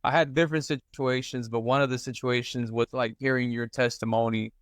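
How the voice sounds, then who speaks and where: Earnest man with a flat, smooth voice. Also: medium pitch, no room sound, studio quality. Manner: halting, many fillers, earnest. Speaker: mastermind group member. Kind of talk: casual group call.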